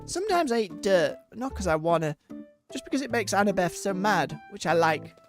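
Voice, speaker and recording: A streamer voicing an excitable, brash young child who blurts things out eagerly. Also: medium pitch, a little fast, soft background music, voice pushed up, natural voice. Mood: chatty.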